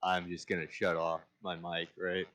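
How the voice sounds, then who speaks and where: A man's voice: sits low, completely flat delivery, moderate pace, a bit bright, no echo. A man chatting casually with a friend over voice chat, asking questions and laughing often.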